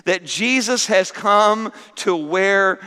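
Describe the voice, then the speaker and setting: A high-pitched man delivering a sermon with a smooth, resonant voice. He preaches emphatically, repeating phrases and moving between hushed and loud passages. A long hall reverb trails behind his words. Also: slow. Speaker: pastor.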